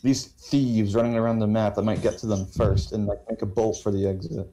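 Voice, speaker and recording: A man's voice: fairly low pitch, level tone, fairly quick, dark tone. A man chatting as a player at a tabletop game, rambling with lots of fillers. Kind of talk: casual tabletop session talk.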